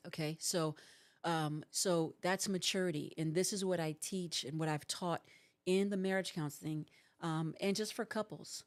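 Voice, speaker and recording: A woman's voice: lowish voice, steady tone, normal speed. A woman in her forties, a host and counselor, giving earnest relationship advice on a livestream and acting out what couples say. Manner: earnest, coaching, acts out couples' lines.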